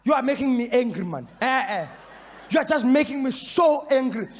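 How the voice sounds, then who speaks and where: A man voicing an angry male protester who shouts demands for equal rights. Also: expressive, normal speed. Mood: indignant. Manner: shouting, high and strained, rising to a yell.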